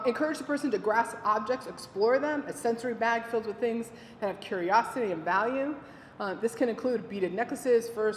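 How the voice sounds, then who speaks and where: A woman giving a dementia care talk, telling animated stories and quoting the people she works with. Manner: animated storytelling, quoting residents. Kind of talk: storytelling presentation. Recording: echoey hall with faint rumble.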